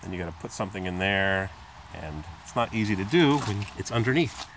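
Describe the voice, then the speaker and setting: Man, car repair talk, rambling, bright tone, handheld phone, faint vehicle noise outdoors. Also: lively intonation, a little fast. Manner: rambling, chatty, imitates squeaks in a high voice. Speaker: car repair video maker. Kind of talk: casual hands-on repair talk. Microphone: phone camera held in hand.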